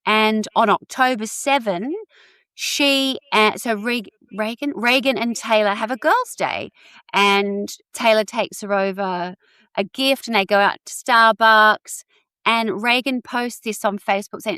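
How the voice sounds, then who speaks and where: A woman's voice: on the high side, measured pace, clean tone, no echo. Chatty woman podcast host, dry sound. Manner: chatty, animated, many asides. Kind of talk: casual true-crime storytelling.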